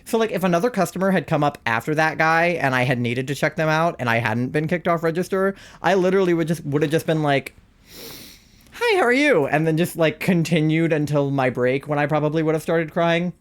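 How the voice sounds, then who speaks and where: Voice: mid-range voice, fast talker, few pauses. A young adult live streamer telling a story to chat in a casual way, using "like" a lot and laughing often. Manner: chatty, heavy use of "like", frequent laughter.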